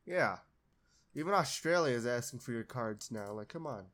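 A man's voice: medium pitch, expressive, moderate pace, a bit bright. A man co-hosting a podcast in casual chat, sarcastic, swearing freely and laughing often. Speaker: podcast co-host.

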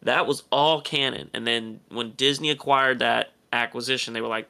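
A man's voice: medium pitch, normal speed, vocal fry, hardly any pauses, sharp tone. A man co-hosting a podcast, talking in a heated, profane rant. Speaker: podcast co-host. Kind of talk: casual podcast chat.

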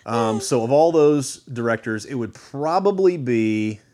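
A man's voice: medium pitch, lively intonation, unhurried, dark tone. A man chatting casually among friends, rambling and jokily mixing up names. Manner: rambling, mixes up names, jokey. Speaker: podcast co-host. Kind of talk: casual chat.

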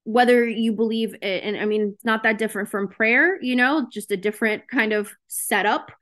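A woman's voice: a little high, moderate pace, fairly bright tone. A woman giving a casual motivational talk to her group over a video call, speaking frankly and chattily with lots of fillers. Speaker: host of a self-help session.

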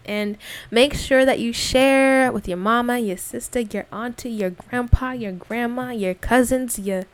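A woman's voice: a little high, a little slow. A young adult woman hosting her own podcast, talking in a chatty, slangy way as a casual spoken diary. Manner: chatty and slangy, lots of fillers and asides. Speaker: podcast host.

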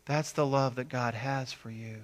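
A man preaching a sermon, animated, acting out quoted voices with big swings between loud and quiet. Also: mid-range voice, a little slow. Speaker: pastor.

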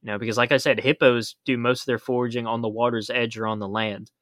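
Bright-voiced man explaining emphatically. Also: medium pitch, little pitch movement, fast talker, no echo, studio quality. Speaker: podcast co-host. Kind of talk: casual chat.

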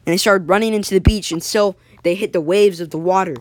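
A young storyteller improvising a story episode, halting, with frequent restarts and self-corrections. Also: medium pitch, steady tone, no echo.

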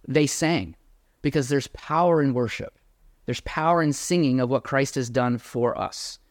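A man delivers a sermon in an earnest, pastoral voice of medium pitch, pressing his points and easing into quiet prayer. The sound is close and dry, with no room around it. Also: unhurried, no room sound.

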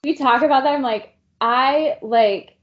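A woman's voice: sits high, measured pace. A middle-aged woman in casual podcast chat, talking frankly and swearing freely, with lots of likes. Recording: dull lo-fi sound.

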